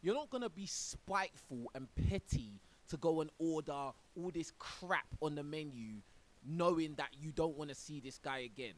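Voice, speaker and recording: A man with a high, lively voice reacts to a clip on stream. He mocks and scolds, throwing in "bro" again and again, and often laughs between lines. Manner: mocking, exasperated, says "bro" a lot, laughs often. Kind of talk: reaction commentary.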